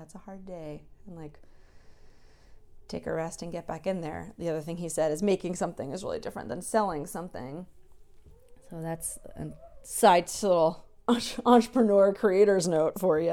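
A tired, tearful woman speaking in a soft, halting way in a reflective personal voice diary, sometimes dropping into a whisper, then chatting with lots of fillers. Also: lowish voice, vocal fry. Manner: chatty storytelling with many fillers. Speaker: creator sharing a personal diary recording.

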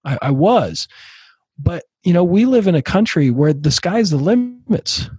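A man in his thirties, a podcast guest telling his own story in a halting way, with many fillers and restarts. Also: high-pitched, sing-song, darkish tone, breathy edge, dry recording. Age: 30s. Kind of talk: casual interview storytelling.

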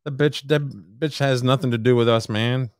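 Male co-host on phone, crude and blunt, mid-pitched, dry sound. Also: steady tone, moderate pace, clear, resonant tone, dry recording. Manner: blunt, crude, swears freely. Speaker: podcast co-host. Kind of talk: casual podcast chat.

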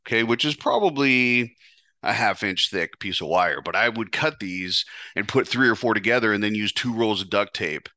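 A man's voice: lowish voice, pushed and bright, no room sound. A man hosting a podcast, telling his own story in a blunt, profane way, often restarting with repeated words. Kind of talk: casual storytelling monologue.

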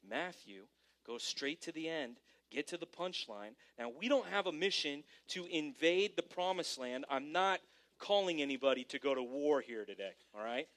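A male pastor delivering a sermon to a congregation, preaching animatedly and swinging between hushed and emphatic delivery. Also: a little high, expressive, moderate pace. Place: church service before a congregation.

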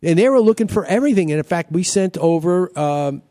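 A man's voice: high-pitched, animated, a little fast, warm tone, no room sound, clean studio sound. A man hosting a home-repair radio show, talking casually, repeating himself and cracking jokes. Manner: chatty, repeats himself, joking.

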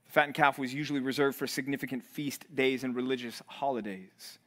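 A man, a pastor, preaching a sermon in an earnest way, his voice swelling and then dropping low for emphasis, often repeating words as he builds. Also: steady tone, a little fast, fairly bright tone. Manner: repeats and restarts words while building intensity.

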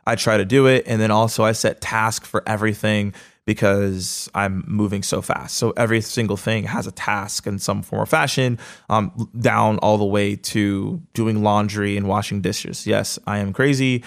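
A man hosting a podcast, speaking in a casual, energetic motivational monologue with lots of fillers and quick bursts. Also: on the low side, gravelly. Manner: energetic, casual, fast-talking with many fillers. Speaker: podcast host.

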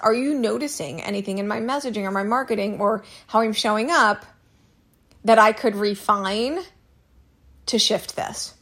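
Woman doing a solo podcast, chatty and blunt, swears a bit, repeats herself. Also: medium pitch. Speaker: podcast host. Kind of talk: casual solo podcast advice.

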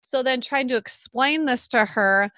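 A woman's voice: sits high, unhurried, sharp tone, no room sound. Candid woman, dry close sound. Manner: emotional, rambling with many fillers. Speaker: podcast co-host. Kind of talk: candid conversational podcast talk.

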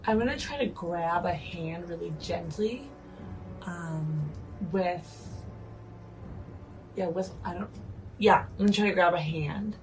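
A woman playing a tabletop game, speaking in a gentle, hesitant, chatty way. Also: fairly low pitch, slow, pauses often. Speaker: player. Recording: distant mic with faint music.

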